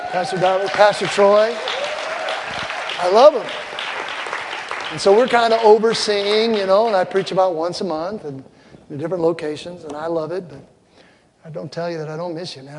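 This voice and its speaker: An older man preaching a sermon as a pastor, telling stories with loud punchlines and soft asides. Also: sits high, fairly even intonation, normal speed, noisy background. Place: church sanctuary. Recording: long hall reverb, faint crowd ambience.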